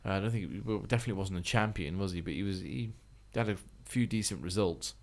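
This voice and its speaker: A man co-hosting a casual motorsport chat podcast, chatty and laughing often, getting louder when excited. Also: low-pitched, fast talker, vocal fry. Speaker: podcast co-host.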